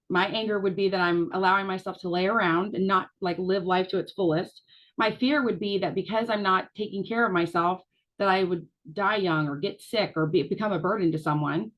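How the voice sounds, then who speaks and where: A woman talks through coaching advice in a loose, chatty way, full of fillers and restarts. Her voice sits at a middle pitch. The recording sounds slightly dull and muffled. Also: steady tone, normal speed. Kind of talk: casual coaching talk.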